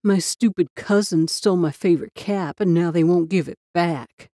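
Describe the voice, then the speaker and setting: A woman voicing a small, easily teased boy in a spoken storybook, with a shrill, whiny manner. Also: normal speed, warm tone, dry recording, clean studio sound, close to an everyday voice. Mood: complaining.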